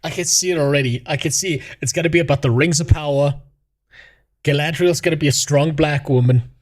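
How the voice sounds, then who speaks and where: Male streamer, fairly high voice, very animated, profane mocking rant. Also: normal speed. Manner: profane, mocking, laughs often. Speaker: gaming streamer. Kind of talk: casual commentary rant.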